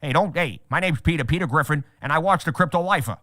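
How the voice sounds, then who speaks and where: A man voicing a dopey, loudmouthed middle-aged cartoon dad, rambling and blustering in a goofy way. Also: fairly high pitch, animated, quick pace, no echo, clean studio sound.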